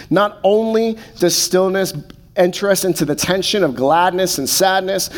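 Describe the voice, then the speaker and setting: Preaching man, soft deliberate pauses. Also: high-pitched. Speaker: pastor. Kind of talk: sermon.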